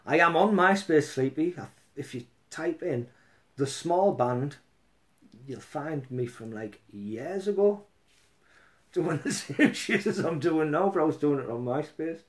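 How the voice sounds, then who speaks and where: A man, a musician, talking in a rambling, chatty way with quick asides. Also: a little high. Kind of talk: casual chat and singing with guitar.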